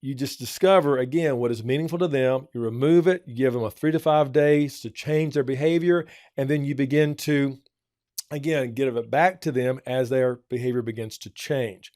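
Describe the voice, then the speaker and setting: On a church program, a man serving as a family counselor delivers earnest parenting advice in a slightly mellow, mid-range voice at a moderate pace. He repeats key points for emphasis, captured in a dry, studio-quality recording.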